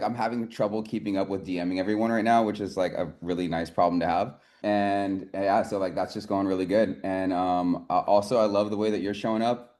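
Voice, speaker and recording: A man on a group coaching call sharing good news, grateful and loose, with many fillers. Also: low voice. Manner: warm, grateful, lots of fillers. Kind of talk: casual chat.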